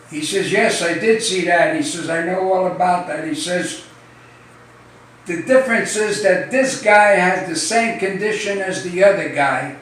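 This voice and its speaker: A man's voice: high-pitched, unhurried, fairly bright tone. A man telling dirty jokes, acting out each character's lines in a raised voice and laughing at his own punchlines. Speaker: joke teller. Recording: distant mic in a very echoey room, faint background noise.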